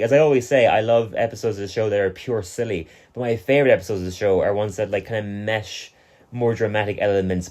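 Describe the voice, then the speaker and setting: A young Irish man co-hosting a casual podcast, animated, laughing often and acting out the scenes he talks about. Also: lowish voice. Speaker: podcast co-host.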